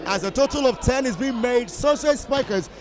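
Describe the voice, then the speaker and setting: A man calling a volleyball match live from a commentary box, breaking into shouts on big plays. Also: very high-pitched, fairly quick, poor audio. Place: commentary box at an indoor sports hall.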